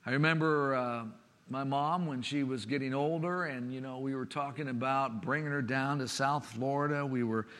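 A man preaching a sermon with expressive delivery, dropping to a soft, hushed voice for a personal story. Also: mid-range voice, moderate pace. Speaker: pastor. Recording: long reverb of a large hall.

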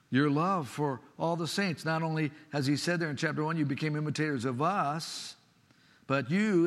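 A man preaching a sermon with expressive delivery, dropping to a soft, hushed voice for a personal story. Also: on the high side. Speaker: pastor. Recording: long reverb of a large hall.

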